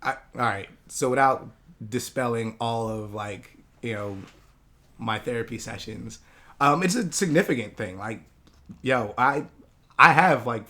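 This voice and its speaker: A man's voice: mid-range voice, sharp tone. A man who grew up in Hawaii, a podcast guest talking casually and reflectively, often searching for his words. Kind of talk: casual conversation.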